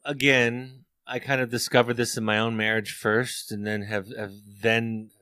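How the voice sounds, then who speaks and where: A man's voice: mid-range voice, level tone, normal speed, sharp tone, clean tone, no echo, studio quality. A middle-aged man, a therapist and author, talking earnestly and telling stories in an interview, often repeating words as he thinks. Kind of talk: reflective interview talk.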